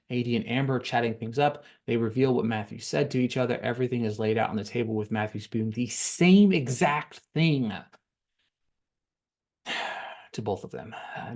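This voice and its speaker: A man's voice: fairly low pitch, creaky. A man hosting a podcast, casually recapping a reality dating show in a rambling way, repeating words, with frequent ums and some cursing.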